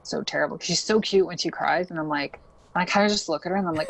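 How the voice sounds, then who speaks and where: A woman's voice: fairly low pitch, fast, vocal fry, poor audio. A young adult woman chatting casually as a podcast guest, laughing often and filling her talk with likes and ums. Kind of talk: casual interview chat.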